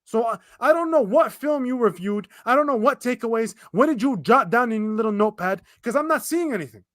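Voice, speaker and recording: Exasperated high-voiced man ranting on a livestream. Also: lively intonation, a bit bright, no room sound. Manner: exasperated, fast ranting with frequent restarts and swearing. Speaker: fan commentator reacting to a live match. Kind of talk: livestream watchalong rant.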